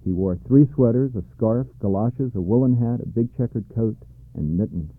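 A man calmly reading a children's storybook aloud, in a measured way, on a dry, tinny recording. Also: medium pitch, no room sound. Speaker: narrator. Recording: dry tinny narrow-band sound.

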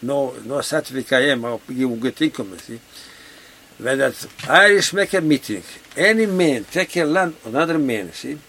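On a noisy 1970s tape, an older man from Yugoslavia gives an oral history interview in broken, accented English, often repeating "you see." His mid-range voice is animated, bright and forceful, at a moderate pace.

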